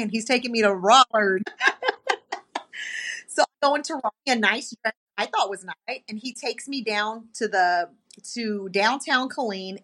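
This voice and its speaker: A woman tells a story in a casual podcast chat. Her voice is bright and a touch high, and she acts out every quoted line with lively energy. She laughs often as the story unfolds. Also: a little slow. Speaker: podcast co-host.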